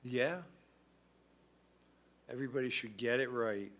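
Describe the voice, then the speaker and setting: A man's voice: medium pitch, steady tone, unhurried, a bit bright. A man hosting a live trivia stream, reading out questions and answers and adding dry asides. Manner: wry, reads questions and adds asides. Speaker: trivia host.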